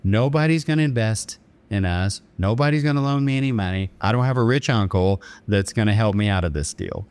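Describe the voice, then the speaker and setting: Lower-voiced man telling a dramatic story. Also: a little fast, a little mellow, smooth. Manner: earnest, dramatic retelling with quoted dialogue. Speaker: bank chairman and podcast guest. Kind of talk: storytelling in an interview.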